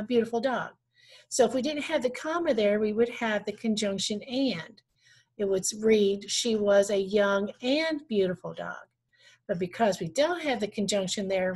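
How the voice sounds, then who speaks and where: A woman teaching punctuation rules from slides, reading out examples slowly and correcting herself now and then. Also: medium pitch. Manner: reads examples slowly, with small restarts. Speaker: adult education teacher. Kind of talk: slide-based grammar lesson.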